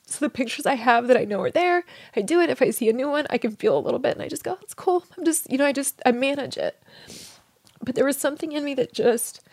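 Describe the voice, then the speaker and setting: A middle-aged woman telling a personal story in a soft, halting way, often dropping to a whisper. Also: high-pitched, dry recording. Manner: soft, halting, with many restarts and whispered moments. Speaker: guest.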